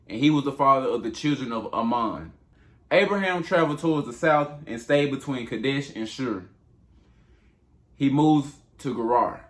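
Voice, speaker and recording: A man retelling a Bible story in casual, slangy speech, talking straight to his audience. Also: mid-range voice. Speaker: channel host retelling Bible stories.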